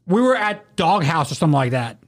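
A man telling wild nightlife stories to a friend in casual chat. He swears freely and acts out every line of dialogue. His pitch jumps around a great deal as he talks. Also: fairly quick. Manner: rowdy, profane, animated storytelling with acted-out quotes. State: drunk.

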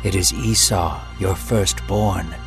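A man voicing a scheming younger brother who lies in a hushed, slow voice. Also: low-pitched, gravelly, music in the background, voice pushed down, exaggerated voice.

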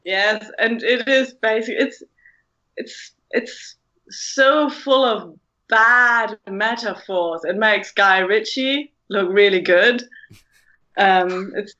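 A woman's voice: medium pitch, bright, forceful tone, dull audio. A woman from Germany with a German accent, giving blunt, opinionated views as a guest on a chatty podcast. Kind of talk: casual panel chat.

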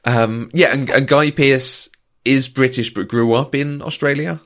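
A man co-hosting a casual movie podcast, talking thoughtfully with frequent restarts and soft chuckles. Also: medium pitch, fairly even intonation, a little slow. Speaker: podcast co-host.

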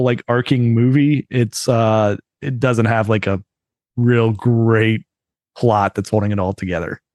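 A man's voice: medium pitch, darkish tone, dry recording. A man co-hosting a podcast, chatting casually and rambling with many fillers. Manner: rambling, heavy use of "like" and "uh". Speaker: podcast co-host. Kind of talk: casual chat.

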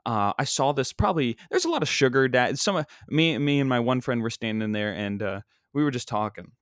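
A man's voice: mid-range voice, animated, fairly quick, a bit bright, no echo, studio quality. A young man hosting his own podcast, telling a rambling comic story full of fillers into a single microphone. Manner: rambling, many fillers and restarts. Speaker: podcast host and stand-up comic.

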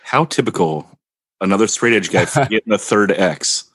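A man's voice: lowish voice, lively intonation, moderate pace, fairly bright tone, slightly rough, dry recording. A man co-hosting a casual podcast, asking questions and teasing the others with dry quips.

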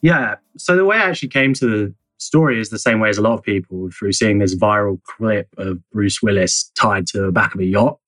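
A man's voice: lowish voice, a little fast, hardly any pauses, a bit bright, dry recording, rough recording. A man speaking as a journalist guest in an interview, explaining at length with frequent fillers, hedges and restarts. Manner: hedging, many fillers and restarts. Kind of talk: conversational interview answers.

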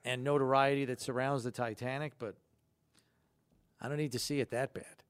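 A man's voice: medium pitch, steady tone, moderate pace, clean tone, no echo. A man co-hosting a sports radio show, reading news items and cracking wry jokes in casual chat. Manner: wry, joking asides.

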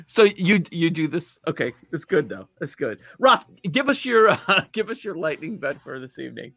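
Upbeat male podcast host, bright dry voice. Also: on the high side, very animated, moderate pace, gravelly, husky, dry recording. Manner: upbeat, laughing, asks many questions. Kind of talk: casual sports betting chat.

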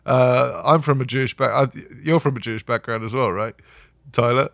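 A man, a photographer, chatting casually with many halting restarts and frequent laughter. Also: medium pitch, gravelly, a bit bright, no echo, clean studio sound. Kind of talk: casual chat.

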